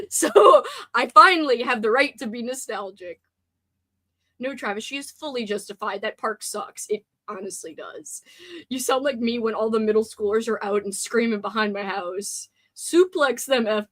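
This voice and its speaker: Chatty, high-voiced woman streamer. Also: a bit bright. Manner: chatty, playful, grumbles and swears casually. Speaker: livestream host. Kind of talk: casual chat reading out viewer comments.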